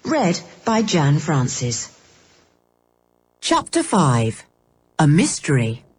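A woman narrating a children's storybook aloud in an expressive, animated reading style. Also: low voice, slow pace, slightly rough. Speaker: audiobook narrator.

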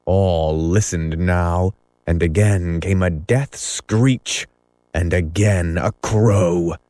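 A man narrating a classic story as an audiobook, measured and dramatic. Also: deep voice, warm tone, dry recording. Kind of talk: audiobook reading.

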